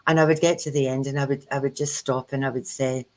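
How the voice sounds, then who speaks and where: Woman telling lively stories. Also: a bass voice, fast, hardly any pauses, poor audio. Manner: animated storyteller who acts out quoted dialogue. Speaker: co-host of a spiritual chat. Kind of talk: casual chat.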